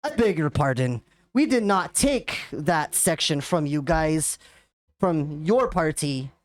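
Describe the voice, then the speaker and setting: A woman's voice: sits low, expressive, slow. A woman voicing an indignant dwarf with a put-on Irish accent.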